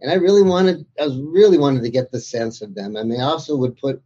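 A man being interviewed about his book tells amused, anecdotal stories. His voice is husky and mellow, and the recording sounds dull and lo-fi. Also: mid-range voice, quick pace. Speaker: author and interviewer guest. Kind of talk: casual interview chat.

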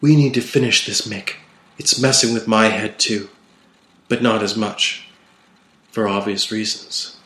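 A man's voice: fairly low pitch, fairly even intonation, a little slow, pauses often, fairly bright tone, reverberant. A man voicing a tough, weary young woman warrior who talks bluntly in an audiobook-style story reading.

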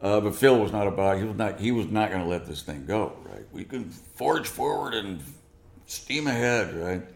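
A man being interviewed, telling a long anecdote in an animated way and acting out the dialogue. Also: fairly low pitch, moderate pace, gravelly, reverberant. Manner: animated, acts out quoted dialogue. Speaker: guest musician. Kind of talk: storytelling interview.

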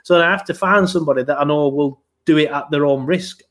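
A man's voice: a little high, fast, fairly bright tone. Sweary, rambling man. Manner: sweary, rambling, laughs often. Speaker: podcast host. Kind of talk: casual chat.

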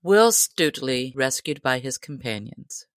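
A woman narrates an old adventure tale in a measured, even manner. Her voice sits low and her pace is slow and deliberate. The recording is close and dry with no room sound. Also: no echo, soft background music. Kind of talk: storybook reading.

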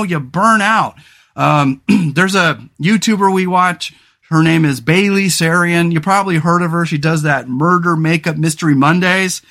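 A man's voice: sits high, a bit bright. A man hosting a solo podcast in casual talk, rambling and frank, with many fillers and restarts. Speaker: podcast host.

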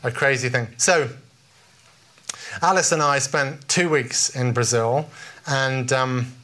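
A man's voice: mid-range voice, takes it slowly, sharp tone. Man, British accent, preacher, conversational, storytelling, restarts phrases. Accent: British English. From Britain. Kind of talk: informal sermon.

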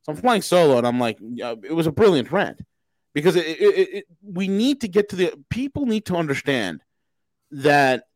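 A male podcast host rants with a lively voice that jumps up and down in pitch. He hammers the same phrase again and again and trips into restarts. The sound is close and dry. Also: no echo. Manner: emphatic, repetitive, restarts mid-sentence. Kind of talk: casual political rant.

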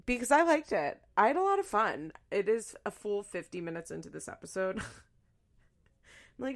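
A woman's voice: medium pitch, very animated, normal speed. A woman in her thirties hosting a casual solo podcast, chatty and self-deprecating, rambling with lots of fillers. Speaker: podcast host.

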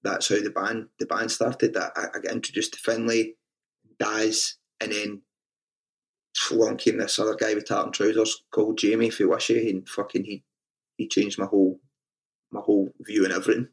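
A man's voice: lowish voice, little pitch movement, moderate pace. A Scottish man, a band frontman, telling stories in a casual interview, swearing freely and often restarting his sentences. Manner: swears freely, restarts a lot, self-mocking.

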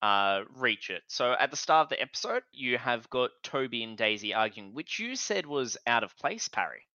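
A man co-hosting a casual online podcast discussion, animated and prone to stammering restarts. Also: mid-range voice, moderate pace, dry recording, dull audio. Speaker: podcast co-host.

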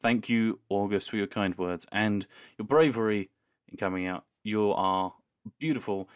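A man's voice: lowish voice, normal speed, clear, resonant tone, no echo, clean studio sound. A man co-hosting a podcast in casual chat, reading listener emails aloud with playful, wry asides and frequent laughter. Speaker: podcast co-host.

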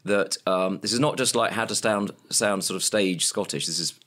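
Playful low-voiced man chatting. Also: normal speed, fairly bright tone. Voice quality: playful, teasing, laughs along. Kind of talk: casual chat.

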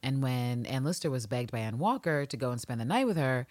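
A very low-pitched woman co-hosting a chatty podcast, her voice swinging widely as she reads old letters and then jokes about them. The sound is dry and close, with no room around it. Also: a little fast, dry recording. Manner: animated, reads passages aloud then riffs with laughter. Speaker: podcast co-host. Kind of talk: casual chat, reading from a book.

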